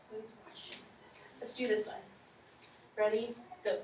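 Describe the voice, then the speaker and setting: Woman teacher, fairly high voice, encouraging, classroom lesson, echoey room, heard from a distance. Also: monotone, normal speed, heavy background noise. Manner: encouraging, models reading aloud. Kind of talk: classroom instruction.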